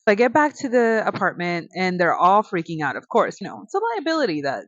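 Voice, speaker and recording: A woman from the United States tells a travel mishap as a casual vlog storytime, slangy and given to the odd curse word. Her voice sits a little low. The sound is dry and close, with a dull, lo-fi quality. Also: a little fast, hardly any pauses, no echo. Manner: slangy, swears casually, animated retelling. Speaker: vlogger.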